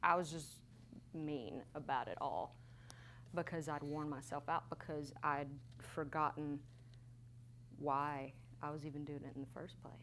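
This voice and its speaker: A woman worship leader in her thirties giving a candid, animated teaching talk at a church conference. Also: low-pitched, unhurried, a little hiss or hum. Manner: candid, animated storytelling with laughs.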